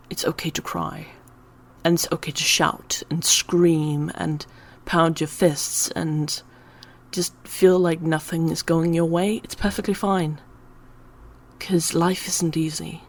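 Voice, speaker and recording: A woman talking in an unscripted personal ramble, emotional and close to tears, sometimes dropping to a whisper. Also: on the low side. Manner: emotional, on the verge of tears, drops to whispers at times. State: teary. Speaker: channel host.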